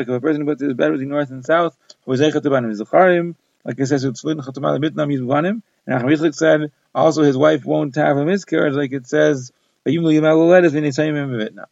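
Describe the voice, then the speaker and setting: A man giving a brisk summary lesson on a Talmud page, mixing Hebrew and Yiddish terms into his English. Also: fairly high pitch, vocal fry, darkish tone, no room sound. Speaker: Talmud teacher. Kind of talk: rapid daf summary lesson. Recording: dull, slightly lo-fi sound.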